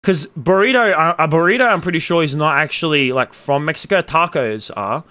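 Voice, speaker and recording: A young man reading viewer comments aloud and answering them in a casual, animated and opinionated way, swinging between loud outbursts and muttered asides. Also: fairly high pitch, brisk, clear, resonant tone. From Australia. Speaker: streamer reading chat.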